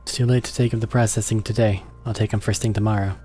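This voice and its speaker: A man's voice: on the low side, flat delivery, fast, warm tone, breathy edge. A man streaming a story game, reading its text aloud with wry, casual asides. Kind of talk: casual gameplay narration.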